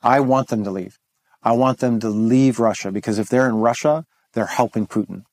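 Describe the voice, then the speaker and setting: A man's voice: mid-range voice, normal speed, darkish tone, no echo. A middle-aged American man answering interview questions thoughtfully, with frequent restarts and fillers. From United States. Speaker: interview guest, former ambassador.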